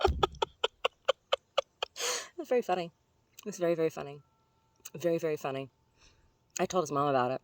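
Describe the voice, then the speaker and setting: A woman who vlogs about tarot card readings chats outdoors among the trees, rambling, poking fun at herself, and laughing at her own jokes. Her voice is deep and a little fast, with long pauses and no echo.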